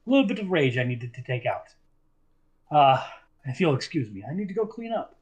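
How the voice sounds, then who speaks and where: A man's voice: mid-range voice, very animated, a little fast, slightly rough. A man voicing a polite but cruel male wizard who questions a prisoner with cold courtesy. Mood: menacing. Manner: courteous, coldly menacing.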